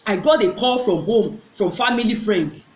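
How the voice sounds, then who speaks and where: A woman's voice: medium pitch, normal speed, slight background noise. Earnest woman in an echoey room. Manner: emotional and earnest, repeats and restarts phrases. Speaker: vlogger. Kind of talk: personal storytelling to viewers.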